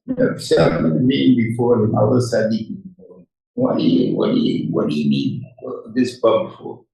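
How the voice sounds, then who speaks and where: An older man giving a rambling, halting Torah class, restarting his sentences often. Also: mid-range voice, sing-song, creaky, warm tone. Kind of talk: informal Torah lecture. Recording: echoey room, voice far from the mic.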